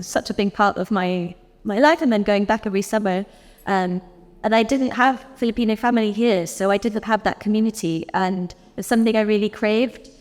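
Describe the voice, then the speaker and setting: A woman answering on a conference panel, enthusiastic and pausing often with fillers. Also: medium pitch. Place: conference hall. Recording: long hall reverb.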